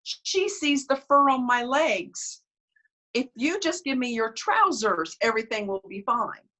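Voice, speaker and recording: The sly male coyote trickster of a folk tale, as a woman storyteller puts him on, speaking in a bright, lively voice. He talks smoothly and without hurry, and sounds perfectly innocent while he plays his tricks. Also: a little high, measured pace, voice pushed up, full character voice.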